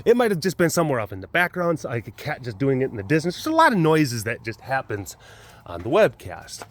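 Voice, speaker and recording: A mid-range male voice with big pitch swings moves at a quick pace. The speaker, a big cat sanctuary keeper and webcast host, chats loosely to camera outdoors at a wild animal facility, often restarting his sentences, laughing frequently and sometimes copying animal sounds.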